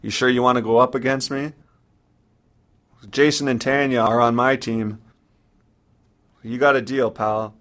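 A man's voice: medium pitch, steady tone, a little slow, long pauses, fairly bright tone, lightly acted. A man voicing a playful middle-aged uncle who teases his nephew. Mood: jovial. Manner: teasing, jovial.

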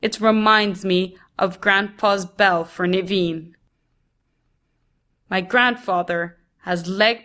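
Slow measured woman reading a story. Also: lowish voice, fairly bright tone. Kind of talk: reading a first-person story aloud.

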